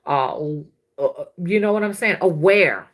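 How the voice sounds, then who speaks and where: A woman's voice: lowish voice, measured pace. Chatty woman livestreaming. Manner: chatty, laughs often, slangy and animated. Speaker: spiritual reader hosting a livestream. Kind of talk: casual livestream chat with viewers.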